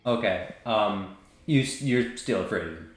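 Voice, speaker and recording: A man's voice: on the low side, lively intonation, normal speed. Man game master in an echoey room. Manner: casual, with fillers and laughs. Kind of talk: narrating a tabletop game. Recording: echoey room with faint noise.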